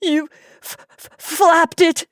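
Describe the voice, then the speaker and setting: A woman's voice: medium pitch, lively intonation, moderate pace, a little mellow, husky, dry recording, distant mic. A woman reading a story aloud, voicing a hysterical young wife who is shrieking and close to tears. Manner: shrieking, breathless, near tears. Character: shrill hysterical young wife at breaking point.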